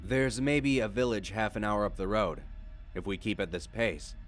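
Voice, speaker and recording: A calm, firm wife speaks bluntly and with quiet command in a horror story, her lines read by a man in his own deep voice. Faint music sits under the narration. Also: normal speed, natural voice.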